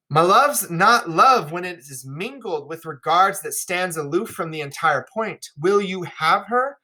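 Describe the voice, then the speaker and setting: Noble young king read by a teacher, earnest and measured, bright tone. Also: high-pitched, pitched above the performer's own voice, heavily acted. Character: noble young male king, astonished suitor. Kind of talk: classroom read-aloud.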